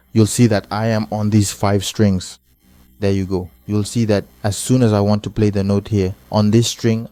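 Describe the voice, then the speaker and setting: Male bass instructor, warm and low-pitched, calm repetitive walkthrough. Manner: repetitive, patient step-by-step explaining. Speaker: bass guitar teacher. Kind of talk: hands-on instrument lesson.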